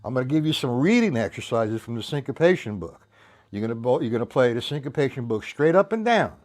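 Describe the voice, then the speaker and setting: A man's voice: medium pitch, sing-song, quick pace, darkish tone. A man giving a casual drum lesson. He counts beats aloud and talks in loose, restarting sentences, dropping in "man" here and there. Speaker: drum teacher.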